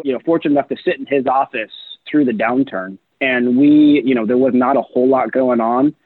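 A man's voice: mid-range voice, husky, dry recording. A man telling stories about his career in a casual interview, full of fillers and acted-out dialogue. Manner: chatty, animated, many fillers like "you know" and "right". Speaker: guest, real estate investor. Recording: tinny phone-like line, dry.

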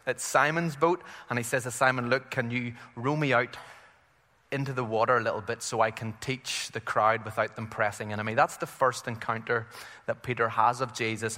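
A man's voice: mid-range voice, fairly even intonation, normal speed, sharp tone, long reverb tail. A man with an Irish accent preaching a conversational sermon, with frequent fillers and restarts as he retells a scripture story.

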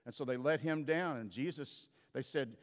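A man's voice: mid-range voice, normal speed, in a large hall. A man preaching a sermon as a pastor, telling stories in a conversational way with frequent restarts.

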